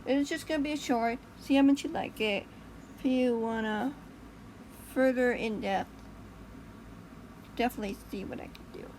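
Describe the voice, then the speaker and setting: A woman's voice: fairly high pitch, normal speed, long pauses, darkish tone, a little hiss or hum, poor audio. A woman casually reading her own short story aloud, chatty, fixing slips as she goes and laughing at her asides.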